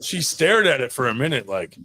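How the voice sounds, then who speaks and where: A man's voice: mid-range voice, sing-song, a little fast, pushed and bright, a little hiss or hum. A young man chatting casually on a podcast, laughing often and swearing freely about his daughter. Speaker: podcast co-host. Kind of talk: casual chat.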